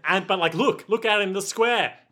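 A man's voice: sits high, moderate pace, bright, forceful tone. A man co-hosting a podcast, narrating a story recap in casual, joking chat and laughing often. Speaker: podcast co-host.

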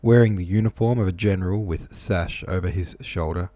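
Deep-voiced man reading a novel aloud. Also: brisk, mellow, no room sound. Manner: plain reading with casual asides. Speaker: reader.

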